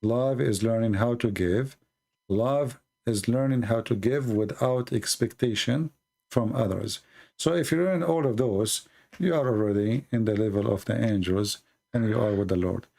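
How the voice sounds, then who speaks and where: A man hosting a live call-in stream, earnestly explaining religious ideas with pauses and fillers. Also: mid-range voice, creaky, warm tone.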